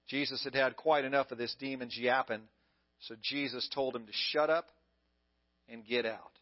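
A man's voice: medium pitch, fairly even intonation, normal speed. A male pastor preaching a sermon in an emphatic way, repeating key phrases, on a dull lo-fi recording.

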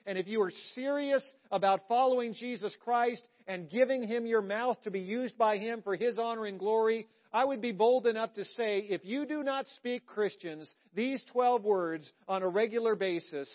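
A male pastor with a fairly high voice preaches with strong emphasis, pressing hard on key words and then falling almost to a hush. The recording is dull and lo-fi, with a muffled top end. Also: moderate pace. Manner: emphatic, swings from loud stresses to hushed, intimate lines. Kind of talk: sermon.

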